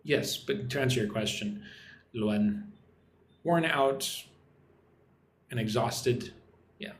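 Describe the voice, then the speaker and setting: A man from Texas hosting a live online English lesson, reading out viewers' chat comments and explaining words slowly, often checking in with "right?". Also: medium pitch. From Texas, United States. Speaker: English teacher hosting a livestream. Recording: roomy echo with faint background noise.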